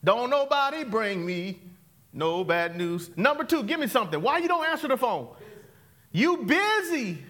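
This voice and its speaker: A male pastor, preaching an interactive, call-and-response sermon that swings from loud to hushed, laughing often. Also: extremely high pitch, big pitch swings, normal speed.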